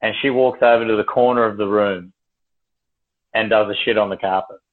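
A man's voice: on the low side, fairly even intonation, fairly quick. An Australian man telling a story casually, swearing, laughing and acting out quoted voices. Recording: tinny phone-like audio.

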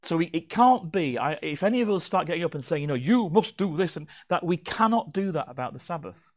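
A man delivering a sermon from the front of a church, his voice sitting a touch higher than most men's. He talks with a playful, teasing manner, joking with the congregation between points of teaching. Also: expressive, fast talker. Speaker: pastor. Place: church hall.

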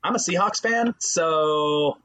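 This podcast co-host, a man with a slightly high voice, talks at a slow pace while spinning profane, lively stories in casual chat. There's slight background noise.

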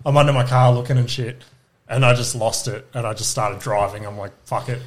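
A man's voice: medium pitch, steady tone, brisk. Swearing man telling a story. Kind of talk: casual storytelling chat.

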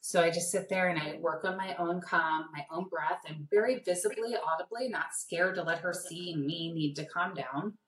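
A woman parenting coach answering interview questions in a lively way, acting out the voices in her stories. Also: lowish voice, moderate pace, few pauses. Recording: echoey room, distant mic.

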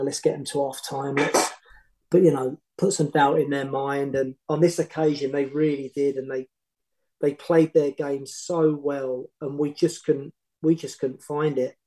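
A middle-aged man, a former football manager, telling long animated anecdotes in casual podcast chat with many restarts. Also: fairly high pitch, moderate pace, poor audio. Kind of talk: casual storytelling.

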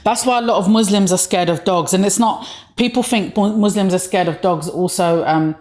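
A woman's voice: medium pitch, brisk, darkish tone. A woman from East London with a London accent, a comedian telling stories in a casual podcast chat. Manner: chatty storyteller, acts out voices in anecdotes. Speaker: comedian guest.

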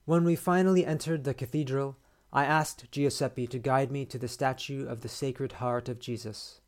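A man podcast host reading a short story aloud in a measured, steady way. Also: medium pitch.

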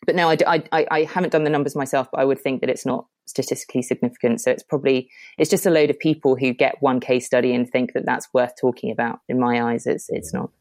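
Woman, very deep voice, panel guest, opinionated, stop-start sentences, dry close sound. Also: fairly even intonation, fast talker, darkish tone, no echo. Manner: opinionated, frequent restarts, gushing praise. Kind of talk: casual panel discussion.

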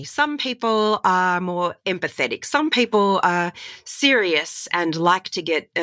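An Australian woman who works as a voiceover artist and voice coach talks enthusiastically in a conversational interview, telling animated stories with laughs. Her mid-range voice is recorded with studio quality and no echo.

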